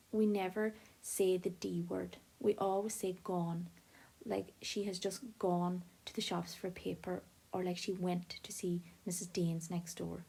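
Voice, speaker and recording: A woman narrating an audiobook in first person, with a lively, expressive telling. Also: on the low side, gravelly, husky.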